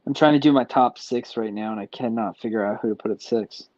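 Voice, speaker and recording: A man's voice: on the low side, quick pace, darkish tone, dry recording. Laid-back man on dull dry audio. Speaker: co-host. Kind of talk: casual chat on a sports livestream.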